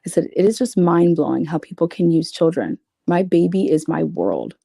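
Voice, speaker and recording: A woman's voice: fairly low pitch, expressive, moderate pace, creaky, mellow, husky, no echo, studio quality. A woman reading out private messages and commenting on them in a blunt, profane, sarcastic way. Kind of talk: casual commentary reading screenshots.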